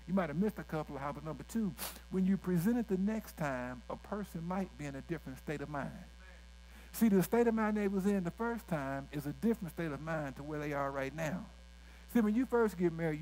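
A male pastor with a drawl preaching in an animated, conversational way, his voice sitting a little high. He drops folksy asides and checks in with the congregation as he goes. A faint electrical hum runs under the recording. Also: fairly quick, low-quality recording. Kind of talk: sermon.

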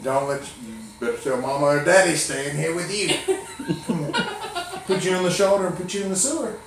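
A man's voice: fairly high pitch, fast, vocal fry, slight background noise. A man performing as a children's clown and magician, teasing and coaxing a child in folksy playful banter. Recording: echoey room, mic far off.

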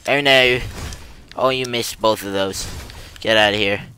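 A man's voice: on the low side, a little slow, background noise. A young man giving goofy, rambling commentary while playing an online game, full of silly jokes. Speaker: gaming youtuber. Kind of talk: casual gameplay commentary.

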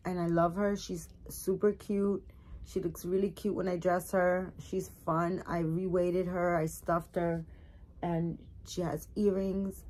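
A woman's voice: on the low side, a little mellow, husky. A woman doll collector vlogging casually as she unboxes a new doll, rambling and emotional as she gushes over it.

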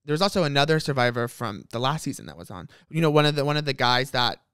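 Young co-host, gossipy and teasing, smooth mid-range voice, dry close recording. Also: medium pitch, lively intonation, a bit bright, dry recording. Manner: chatty, gossipy, teasing, quick laughs. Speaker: podcast co-host. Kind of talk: casual chat.

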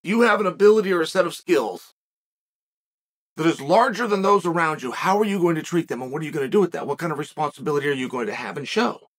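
A man's voice: fairly high pitch, lively intonation, quick pace, breathy edge. A middle-aged man hosting a podcast, delivering a reflective commentary monologue full of rhetorical questions and restarts. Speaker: podcast host.

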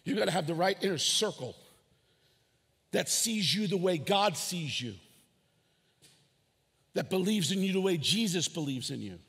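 Male pastor, high husky voice, swooping sermon delivery, long reverb of a church hall. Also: moderate pace, long pauses. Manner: animated preaching with shouted peaks and acted dialogue.

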